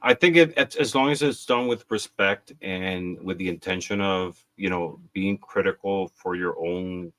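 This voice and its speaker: Low-voiced playful male podcast host. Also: unhurried, few pauses, fairly bright tone, dry recording. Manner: playful, reads quiz questions with flair. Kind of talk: conversational interview.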